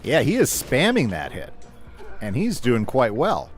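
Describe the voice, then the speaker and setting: A man's voice: medium pitch, wildly swooping pitch, measured pace, faint music behind. A man casually chatting with his live chat while playing a game, reading comments aloud and talking through his moves. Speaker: gaming livestreamer.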